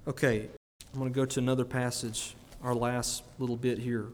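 A man preaching a sermon, animated and often breaking into laughter between emphatic peaks. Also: medium pitch, normal speed. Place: church sanctuary. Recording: long church reverb.

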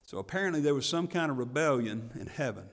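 A man's voice: medium pitch, lively intonation, quick pace, long reverb tail. A male pastor giving a sermon, talking in a folksy way that builds into emphatic, rising bursts.

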